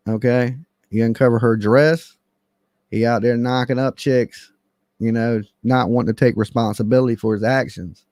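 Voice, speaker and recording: A man's voice: mid-range voice, fairly even intonation, moderate pace, a little mellow, dry recording, clean studio sound. A man hosting a true crime livestream, ranting in a profane, mocking and combative way.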